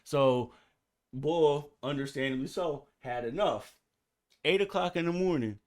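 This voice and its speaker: A man who is a musician and podcast guest, telling animated, profane stories in casual chat and acting out other people's lines loudly. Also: fairly high pitch, unhurried. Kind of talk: casual storytelling.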